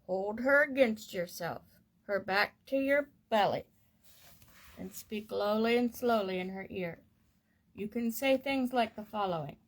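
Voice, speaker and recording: A woman reading a parenting course book aloud in a gentle, measured and soothing way. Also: on the high side. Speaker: reader of a parenting course text.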